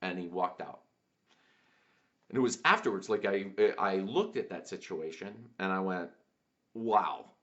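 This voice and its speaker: Deep-voiced guy telling a personal story, lots of ums and restarts, kinda muffled lo-fi sound. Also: bright, forceful tone. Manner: halting, many fillers and restarts. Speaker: podcast host. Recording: dull lo-fi sound.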